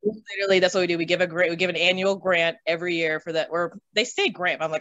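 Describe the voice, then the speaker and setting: Animated young woman telling stories. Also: on the low side, quick pace, no echo. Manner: animated, laughs often, swears casually. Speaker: interview guest. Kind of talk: casual storytelling. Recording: slightly dull, dry recording.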